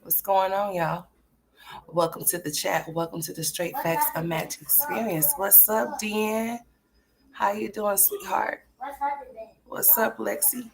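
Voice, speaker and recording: A woman hosting a casual livestream, greeting viewers and chatting in a voice that is cracking and hoarse. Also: mid-range voice, slow, a crowd in the background. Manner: chatty, greets viewers by name, drops into whispers. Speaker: livestream commentary host.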